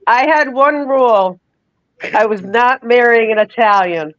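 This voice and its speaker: A plainspoken woman sits in on a panel and answers in short, firm lines. Her voice is a little high and recorded dry and close. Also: measured pace, no echo, dull audio. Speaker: panel guest. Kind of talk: casual panel chat.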